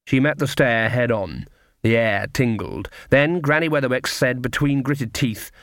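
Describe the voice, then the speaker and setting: A male audiobook narrator with a measured, even delivery. His voice is mid-pitched and recorded very dry, with no room sound at all. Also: no echo. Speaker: audiobook reader. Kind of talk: scripted narration.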